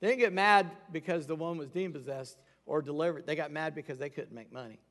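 A man's voice: a little high, fast, fairly bright tone. Emphatic male preacher in a reverberant hall. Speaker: pastor. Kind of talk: sermon.

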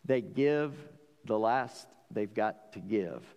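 A man's voice: on the low side, animated, takes it slowly, creaky, a little mellow, long reverb tail, highs cut off. A man preaching a sermon as pastor. He talks earnestly, often stumbles and restarts, and builds to emphatic peaks.

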